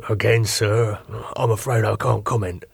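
A man voicing a polite, heavy-set male bodyguard in his late thirties who answers courteously and evasively, trailing soft on each "sir". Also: lowish voice, steady tone, normal speed, gravelly, breathy edge, no echo, clean studio sound.

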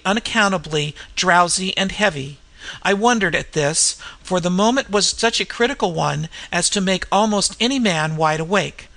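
Gravelly, bright audiobook narrator. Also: medium pitch. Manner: measured, tense storytelling. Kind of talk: scripted first-person story narration.

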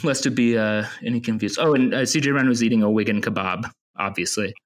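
Man rambling through a deadpan tall tale. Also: lowish voice, quick pace. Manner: rambling deadpan storytelling with many fillers. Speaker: podcast co-host. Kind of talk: casual comedic chat.

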